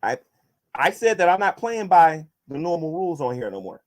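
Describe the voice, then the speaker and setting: A man's voice: a little high, very animated, moderate pace. A man vlogging as he answers viewer questions and combatively addresses his critics, often restarting his sentences. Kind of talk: casual vlog monologue.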